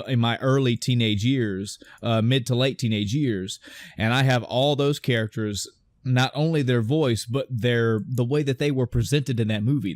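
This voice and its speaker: A man's voice: medium pitch, no echo. A man hosting a podcast in casual chat, rambling and restarting, often acting out movie lines. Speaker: podcast host.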